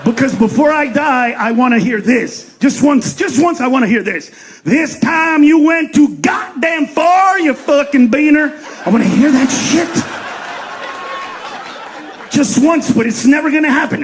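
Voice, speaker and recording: A high-pitched male stand-up comic on a club stage, loud and profane. He jumps into quick character voices. A faint hiss runs under the handheld stage mic. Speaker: stand-up comedian. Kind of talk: stand-up comedy set. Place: comedy club stage before a laughing audience.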